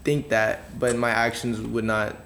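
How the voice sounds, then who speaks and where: A young man chats casually on a podcast, his voice at an ordinary middle pitch. He tells stories in a loose, slang-filled way, and faint background noise sits under him. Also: flat delivery, a little slow, gravelly, a bit bright. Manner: laid-back slang-heavy storytelling. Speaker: podcast co-host. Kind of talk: casual chat.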